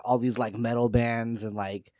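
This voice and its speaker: A man's voice: mid-range voice, level tone, normal speed, warm tone, no echo. A man hosting a casual podcast, talking in a loose, rambling way with lots of swearing, recorded in a studio. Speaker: podcast host.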